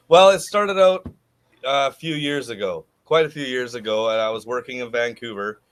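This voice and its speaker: A man's voice: medium pitch, moderate pace, smooth. A man talking as a guest on a podcast, an easygoing storyteller who laughs easily. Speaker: podcast guest, gold prospector. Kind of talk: casual podcast interview.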